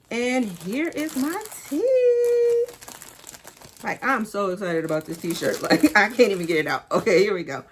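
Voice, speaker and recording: A woman with a Detroit accent chatting excitedly to viewers as she unboxes a sneaker merch haul. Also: on the low side. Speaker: sneaker vlogger. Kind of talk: casual unboxing haul vlog.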